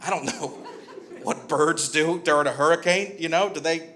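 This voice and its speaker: A man in his twenties performs stand-up on a club stage, chatting with the crowd and laughing through his own jokes. His voice sits a little high and rings bright and forceful. A faint hiss runs underneath. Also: moderate pace. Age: 20s. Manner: chatty, laughs mid-joke, works the crowd. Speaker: stand-up comedian. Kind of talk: stand-up comedy set.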